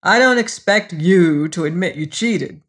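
Fields: figure: a curt, demanding immortal man read by a narrator. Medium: storybook. Pace: measured. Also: medium pitch, lively intonation, fairly bright tone. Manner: curt and commanding. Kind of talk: audiobook reading.

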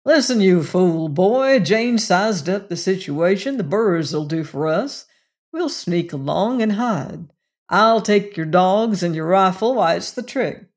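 A woman reading aloud and voicing a gruff older male gunman, blunt and commanding. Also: medium pitch, lively intonation, measured pace, natural voice. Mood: firm.

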